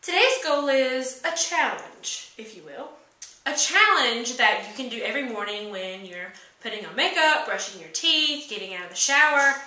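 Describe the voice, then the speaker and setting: A young woman with a rural American country twang talks in a chatty, earnest way, dropping in plenty of "like." Her voice is bright and fairly high. She sits back from the mic in an echoey room. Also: animated, moderate pace, recorded from a distance. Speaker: co-host. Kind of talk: casual motivational vlog talk. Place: indoor room with a kitchen counter.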